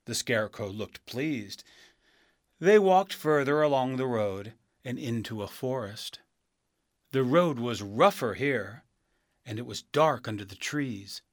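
Slow, expressive male storybook narrator. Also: medium pitch, no room sound, studio quality. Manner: slow, clear, expressive reading. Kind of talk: storybook reading.

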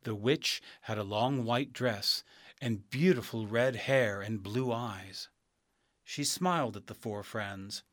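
A man reading a storybook aloud, slow and expressive. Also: on the low side, no echo, clean studio sound. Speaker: narrator.

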